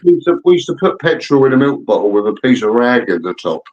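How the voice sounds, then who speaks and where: A man's voice: medium pitch, quick pace, lo-fi sound. A man, telling old stories in a casual chat and acting out the voices in them. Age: 50s. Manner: animated, acts out voices in anecdotes.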